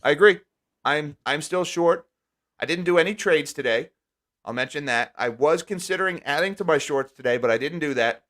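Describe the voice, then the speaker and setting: A man hosting a live stream, talking casually and wryly, with quick sarcastic asides. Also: fairly high pitch, fairly bright tone. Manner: chatty, wry, quick asides. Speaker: livestream host.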